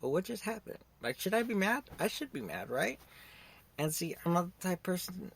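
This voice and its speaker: A man's voice: high voice, fairly quick, gravelly, breathy edge. A young man hosting a podcast, telling a story in a rambling, casual way. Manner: rambling, animated when acting out quotes. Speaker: podcast host.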